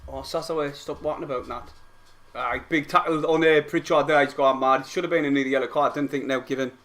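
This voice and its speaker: A young man, excitably commentating on a football match for his live-stream viewers and swearing freely. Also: mid-range voice, fairly quick.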